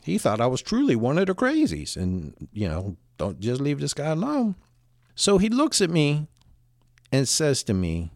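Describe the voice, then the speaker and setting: A man casually telling a personal story, animated and salty, with frequent restarts. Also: mid-range voice, unhurried, no echo, studio quality.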